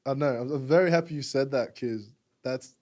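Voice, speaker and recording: Guesting on a podcast, this young Melbourne man who founded a music publication keeps the conversation casual, drifting along with frequent laughs and endless "like"s. His medium-pitched voice is brisk and a touch mellow.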